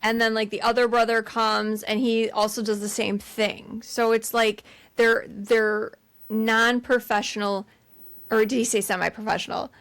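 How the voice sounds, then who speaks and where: A woman co-hosting a podcast, retelling a film in an animated way and acting out the scenes. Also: fairly high pitch, moderate pace, clean tone. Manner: animated retelling, acts out scenes with quoted voices and laughs. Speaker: podcast co-host. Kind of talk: casual chat recapping a film.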